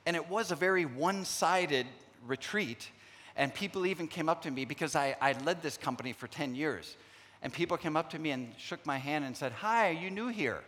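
Middle-aged male preacher, slightly high-pitched, earnest storyteller, long hall echo. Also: a bit bright. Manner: storytelling, acts out remembered dialogue; earnest, frequent pauses and restarts. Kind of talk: sermon.

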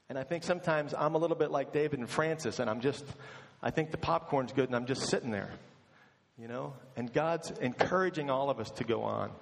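A man's voice: mid-range voice, gravelly. A man preaching a sermon, telling a personal story and acting out the people in it. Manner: storytelling, animated in quoted asides. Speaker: pastor. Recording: long reverb of a large hall.

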